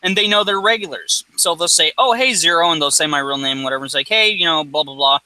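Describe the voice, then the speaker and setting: A man telling a long, profane story in casual chat, rambling and animated. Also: fairly high pitch, fast talker, no echo, low-quality recording.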